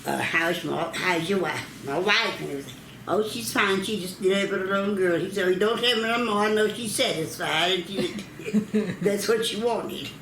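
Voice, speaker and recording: A woman's voice: mid-range voice, normal speed, reverberant, noisy background. An older woman from North Carolina, recalling childbirth stories, acting out quoted voices and laughing often. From North Carolina, United States. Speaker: interviewee telling family history.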